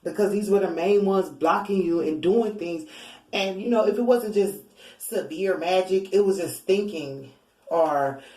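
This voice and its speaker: Tarot reader woman, relaxed chatty delivery, a little off-mic in an echoey room. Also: lowish voice. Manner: chatty, informal, laughs often. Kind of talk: casual spiritual reading. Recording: roomy, a bit far from mic.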